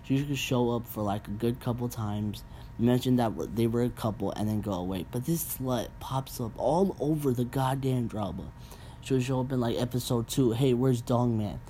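A young man hosting a casual podcast, ranting bluntly and profanely with animated asides. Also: mid-range voice, normal speed, a little hiss or hum. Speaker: podcast host. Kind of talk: casual rant.

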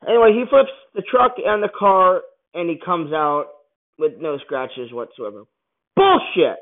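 A man angrily ranting through a movie review, swearing often and bursting out loudly now and then. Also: a little high, normal speed. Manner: angry, profane ranting with sudden loud outbursts. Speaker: film reviewer. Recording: tinny phone-like sound.

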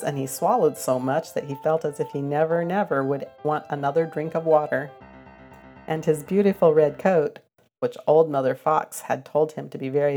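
An older woman reading a children's storybook aloud, gentle and expressive with a sing-song lilt. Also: deep voice.

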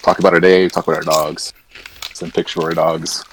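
A man's voice: sits low, flat delivery, brisk, slight background noise, low-quality recording. A young man co-hosting a casual podcast over a call, rambling through stories with plenty of fillers. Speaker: podcast co-host. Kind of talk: casual chat.

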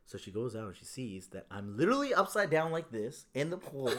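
A man's voice: mid-range voice, lively intonation, quick pace, few pauses, a bit bright. A young man telling a story in casual chat, laid-back and swearing freely, with lots of "like" and "bro".

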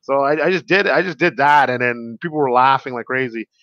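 A man's voice: medium pitch, fairly quick, no echo, dull audio. A man, a stand-up comedian guest, telling stories in a casual interview, rambling with fillers and restarts.

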